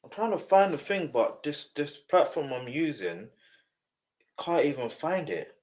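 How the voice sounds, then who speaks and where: A man, reacting and chatting casually on a live stream, with sudden loud outbursts. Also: a little high, very animated, measured pace.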